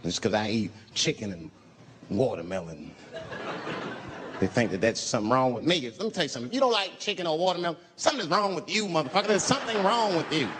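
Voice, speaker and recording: Man, stand-up comedian, high voice, very lively pitch, live stage, noisy background. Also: fast talker. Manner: animated storytelling, jumps into character voices. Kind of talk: stand-up routine.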